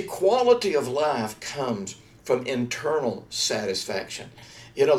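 A man preaching a sermon, building his points by repetition and slowing down to stress key words. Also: medium pitch. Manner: emphatic, repetitive preaching with slow drawn-out stresses.

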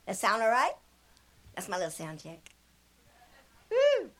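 A woman's voice: medium pitch, wildly swooping pitch, a little slow, over loud music. A woman giving an exuberant, praise-filled informal sermon at a church conference. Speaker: missionary singer and speaker.

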